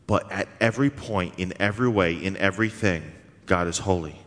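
Earnest preaching man in a reverberant hall. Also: deep voice. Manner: emphatic, earnest preaching with slow drawn-out stresses. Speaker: pastor. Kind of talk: sermon.

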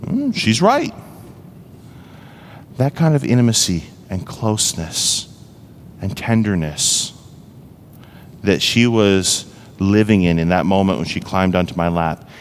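A man preaching a sermon as a pastor and praying aloud for his congregation, earnest and heartfelt, moving between brisk explanation and slow, weighty emphasis. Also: lowish voice, in a large hall, a little hiss or hum. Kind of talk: sermon with spoken prayer. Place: church sanctuary.

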